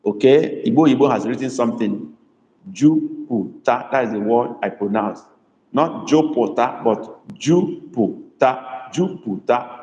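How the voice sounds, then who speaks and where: Male tutor, patient, slow repetitions, echoey reverberant room. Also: medium pitch, a little mellow, dull audio. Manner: patient, repeats words slowly, calls on students by name. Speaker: language tutor. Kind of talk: live online class teaching.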